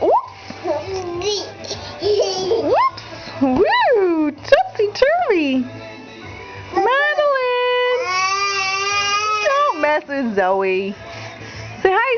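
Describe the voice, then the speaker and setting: High-pitched mother cooing baby talk. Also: wildly swooping pitch, drawn-out words, long pauses. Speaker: mother filming her baby. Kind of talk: home video baby talk. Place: home, indoors. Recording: dull lo-fi home video with music behind.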